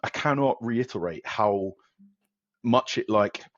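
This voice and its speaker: A man who works as a fitness coach, chatting as a podcast guest, telling stories in a rapid, animated way with lots of restarts. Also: on the low side, no echo. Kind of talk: casual podcast conversation. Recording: dull, dry lo-fi sound.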